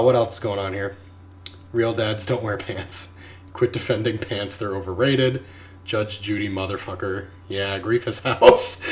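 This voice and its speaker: A man ranting profanely on a casual live stream while brewing beer in his kitchen, swinging from muttering to shouting. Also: lowish voice, echoey room. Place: home kitchen.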